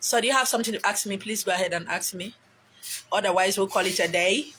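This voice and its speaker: A fast talker with a mid-range, slightly bright voice, the middle-aged Nigerian woman speaks with a Nigerian accent. Emotional and a little preachy, she rambles on her own live video as a casual motivational stream, recorded on a phone with a little hiss or hum.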